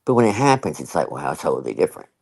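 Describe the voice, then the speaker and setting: A woman's voice: a bass voice, big pitch swings, racing, vocal fry, a little mellow, husky, poor audio. An older woman, hosting a casual live chat and talking in an emphatic, chatty way with frequent asides. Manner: chatty and emphatic, laughs often, with many asides. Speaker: live-stream host.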